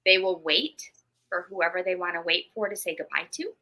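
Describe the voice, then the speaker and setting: Bright-voiced woman death doula guest. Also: on the low side, moderate pace, low-quality recording. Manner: earnest, gentle explaining. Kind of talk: interview talk.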